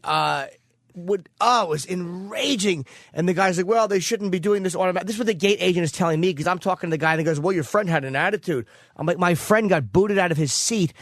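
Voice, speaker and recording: High-voiced man ranting indignantly. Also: no echo, studio quality. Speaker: radio show co-host. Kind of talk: casual radio banter.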